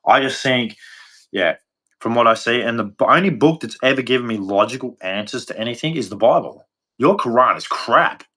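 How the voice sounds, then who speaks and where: A man's voice: mid-range voice, expressive, moderate pace, pushed and bright. An Australian man from Australia giving a blunt, rambling opinion rant to camera, swearing freely. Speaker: vlogger.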